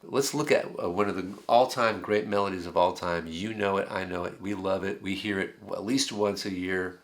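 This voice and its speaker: A man's voice: low-pitched, fairly even intonation, normal speed. A middle-aged man teaching a songwriting workshop, talking in a conversational way and explaining with examples at the piano. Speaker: songwriting instructor. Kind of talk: lecture with piano demonstrations.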